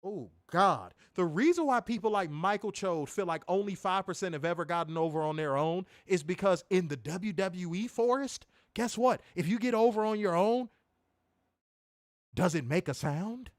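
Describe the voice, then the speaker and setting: A man with a high, very animated voice rants through a casual review, emphatic and mocking, with frequent swearing. His pitch swings widely as he drives his points home. The recording is dry and close. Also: normal speed, dry recording. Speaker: podcast host reviewing wrestling.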